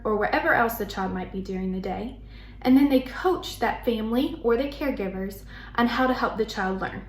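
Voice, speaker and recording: A woman who works as an early intervention provider, giving an earnest explanatory presentation. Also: a little high. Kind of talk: presentation talk. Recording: roomy echo.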